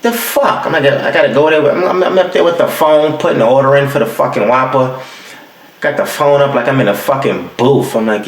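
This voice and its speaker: The podcast host, a young adult man, speaks a little fast in a mid-range voice from an echoey room at home with the heat off. His casual solo rant is profane and animated, with stories punctuated by acted-out quotes.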